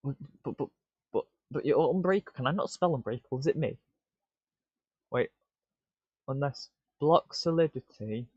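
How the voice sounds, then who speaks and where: A man streaming live, muttering to himself in excitable bursts with stammered restarts, on dull lo-fi stream audio. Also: medium pitch, moderate pace, pauses often, slightly rough, dry recording. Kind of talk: casual live-stream self-talk.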